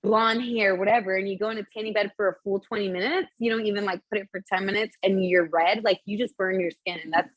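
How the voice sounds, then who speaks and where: A woman's voice: mid-range voice, fairly even intonation, quick pace, few pauses, no echo, muffled recording. A young woman co-hosting a casual podcast chat, laughing often and swearing casually as she tells stories. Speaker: podcast co-host.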